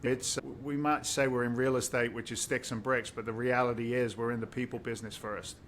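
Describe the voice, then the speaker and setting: A man's voice: mid-range voice, flat delivery, fairly quick, fairly bright tone, a little hiss or hum. A middle-aged man from the United Kingdom, a guest on a podcast, telling his life story in an emphatic, emotional, preacher-like way. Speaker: guest, real estate investor.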